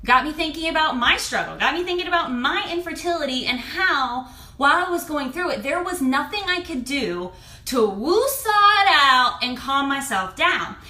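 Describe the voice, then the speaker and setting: Woman in her thirties, candid coach vlog, high bright voice, echoey room. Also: normal speed. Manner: candid and expressive, with mild swearing. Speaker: fertility and lifestyle coach. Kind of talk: casual talk to camera.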